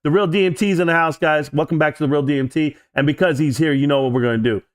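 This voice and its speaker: A man's voice: a little high, fast talker. A man hosting a live stream, answering chat in a brash, mocking and profane way.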